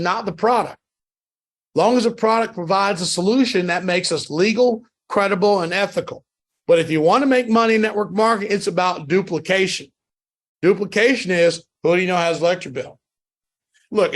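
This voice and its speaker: A man with a fairly high voice runs a sales training call. He speaks in an emphatic, repetitive motivational style, pressing the same points again and again. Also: a bit bright. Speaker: network marketing trainer.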